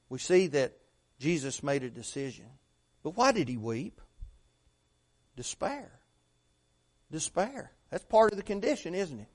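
Middle-aged male preacher, high-pitched, asks the room questions, drops to hushed tones. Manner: rhetorical questions, swings from loud to hushed. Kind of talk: sermon.

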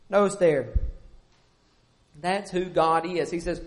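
A man preaching a sermon, emphatic and repetitive, with pauses and self-corrections. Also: high-pitched, darkish tone.

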